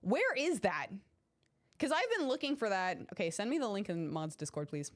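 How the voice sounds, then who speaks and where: A young woman streamer recovering from illness, chatting excitedly and swearing freely while answering her chat by name. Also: mid-range voice, moderate pace. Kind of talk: casual live-stream chat.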